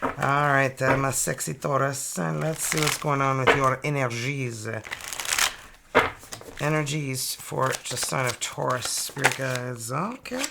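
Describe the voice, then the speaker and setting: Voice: medium pitch, creaky, a bit bright. A tarot reader from Canada giving a casual, chatty reading and exclaiming over each card as it turns up.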